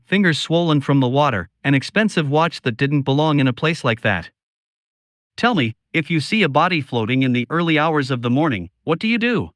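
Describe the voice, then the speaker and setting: A man narrating a scripted first-person story in a slow, solemn, confiding way. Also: on the high side, fairly bright tone, dry recording, studio quality.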